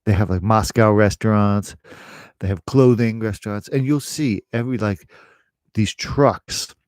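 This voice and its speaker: A man's voice: fairly low pitch, measured pace, a little mellow, dry recording, clean studio sound. A middle-aged man, an English teacher, chatting casually to camera in a rambling way, with fillers and laughs.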